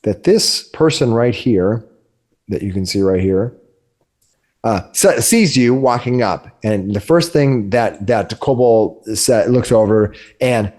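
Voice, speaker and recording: A man narrating as game master of a tabletop game, halting often mid-phrase. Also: lowish voice, a little mellow. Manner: halting, many fillers and restarts.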